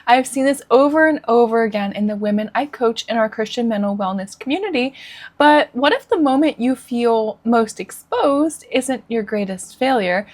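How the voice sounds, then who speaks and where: Earnest woman giving a devotional talk. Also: fairly high pitch. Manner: earnest, encouraging, asks questions. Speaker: Christian counselor and women's coach. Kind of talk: devotional teaching talk to camera.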